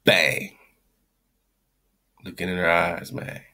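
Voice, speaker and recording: A man's voice: deep voice, flat delivery, takes it slowly, bright, forceful tone. A man hosting a radio show, giving blunt, slangy, profane commentary on a clip he is playing and repeating his points.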